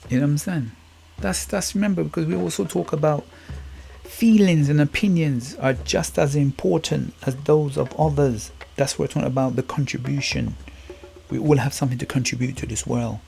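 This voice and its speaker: Gravelly Guyanese man musing aloud. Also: on the high side, moderate pace, darkish tone. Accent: Guyanese Caribbean. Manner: musing, repeats words, asks "you get me?". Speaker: podcast host. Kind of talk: reflective motivational monologue. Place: England.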